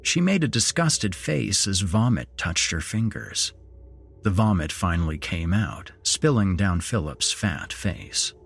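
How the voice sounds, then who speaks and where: A man narrating a horror story in a slow, measured storytelling manner as podcast host. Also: sits low, expressive, gravelly, husky.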